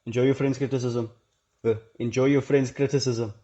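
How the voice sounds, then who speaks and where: Blunt, swearing young man, mellow tone. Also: mid-range voice, level tone. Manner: blunt, profane, rambling, quick shifts into mocking quoted voices. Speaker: self-help channel host. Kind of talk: casual monologue to camera. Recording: dull lo-fi recording.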